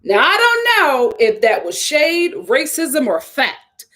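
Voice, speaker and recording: A woman's voice: high-pitched, wildly swooping pitch, takes it slowly, sharp tone. A woman giving a casual, opinionated live review of a TV episode. She laughs often and acts out what people said. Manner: chatty and opinionated, acts out quotes in voices; laughs often while talking. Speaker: TV show reviewer.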